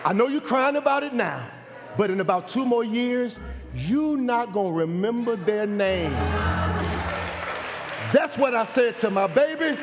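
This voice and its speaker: Male pastor, high voice, preaching; builds from hushed story to shouting, long church reverb, soft music under. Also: expressive, a little slow, a crowd in the background. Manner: preaching, swinging from low storytelling to shouted declarations. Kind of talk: sermon. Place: large church sanctuary.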